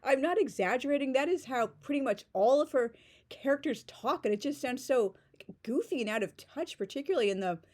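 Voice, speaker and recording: A woman's voice: high voice, lively intonation, brisk, a little mellow. A woman giving a casual spoken book review in a sarcastic, mocking tone.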